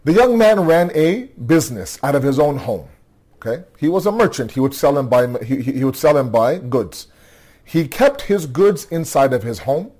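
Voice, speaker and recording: A man's voice: fairly high pitch, sing-song, moderate pace, darkish tone. A tired man telling a religious story to a nightly gathering, conversational, checking in with "okay?" and often restarting phrases. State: tired, yawning. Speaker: religious speaker.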